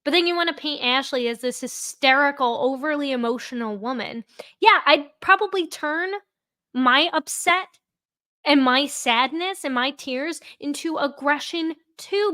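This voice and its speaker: A woman with a high, bright voice reacts to trial footage with sarcasm and indignation. She sounds worked up and pointed as she argues her side. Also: expressive, moderate pace. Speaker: true crime commentator.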